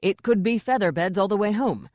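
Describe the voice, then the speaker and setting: A woman's voice: lively intonation, brisk, darkish tone, dry recording, studio quality, close to an everyday voice. A woman voicing an evasive, wheedling male dwarf playwright. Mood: sheepish. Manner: wheedling, low and sheepish.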